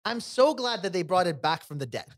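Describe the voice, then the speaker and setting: A man co-hosting a casual film-review podcast, talking in an animated way and pushing his points with rhetorical questions. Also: sits high, fairly quick. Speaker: podcast co-host.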